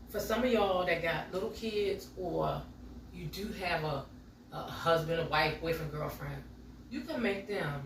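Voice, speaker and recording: A woman's voice: on the low side, fairly bright tone, slight background noise. Chatty woman in an echoey kitchen. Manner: chatty, talks straight to viewers as y'all. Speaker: home baking vlogger. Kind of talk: casual chatty vlog while baking. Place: home kitchen. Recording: echoey kitchen, mic from far off.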